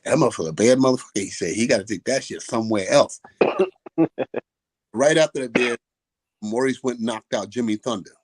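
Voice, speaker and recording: A man's voice: mid-range voice, moderate pace, long pauses, breathy edge. An older man, a boxing trainer, telling a profane story and acting out the quoted voices. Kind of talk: casual storytelling.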